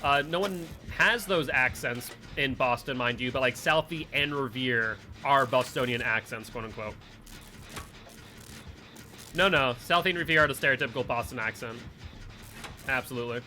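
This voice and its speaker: A man streaming a game live, chatting casually with his friends and chat, full of "like" and quick asides. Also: mid-range voice, bright, forceful tone, soft background music. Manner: chatty, filler-heavy, talks to chat and friends.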